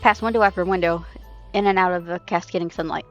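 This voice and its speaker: A woman reading a dark first-person story aloud on a stream, intense and halting, with restarts. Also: lowish voice, steady tone, faint music behind. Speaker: reader. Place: home streaming setup. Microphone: streaming mic.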